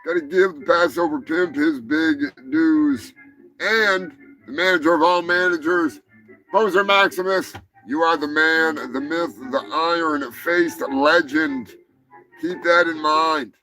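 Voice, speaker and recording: A man's voice: fairly high pitch, unhurried, pushed and bright, soft background music, rough recording. A man hosting a casual live comedy show, talking in a profane, rambling, offhand way. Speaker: host.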